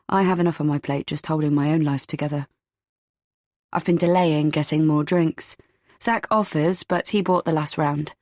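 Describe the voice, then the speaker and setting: An audiobook narrator, a woman with a low voice and darkish tone, reads a scripted story in the first person. The recording is dry, with clean studio sound.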